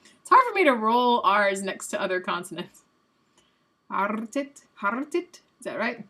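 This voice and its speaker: A young adult woman hosting a live stream, chatting casually and guessing out loud while she plays a quiz game, a little self-mocking. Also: medium pitch, big pitch swings, brisk.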